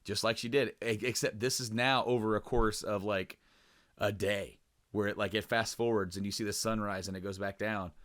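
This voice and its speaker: A man's voice: on the low side, fairly even intonation, moderate pace, a bit bright. A young man in casual podcast chat, rambling with lots of fillers and restarts, cursing freely and jumping into a raised voice to act out quoted lines. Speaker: podcast co-host.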